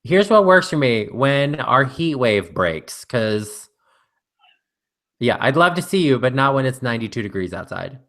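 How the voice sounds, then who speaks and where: A man with a bright, ringing voice co-hosts a relaxed live chat. He wanders through his stories with plenty of "uh" and "like," at a middle pitch. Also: a little slow. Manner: rambling storyteller with many fillers. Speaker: co-host.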